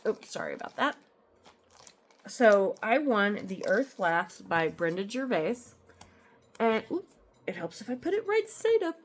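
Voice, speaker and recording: A woman shows off her cross-stitch finds at home in her apartment, her medium-pitched voice swinging widely in pitch. She talks a little slowly and pauses often, rambling casually into asides with lots of ums.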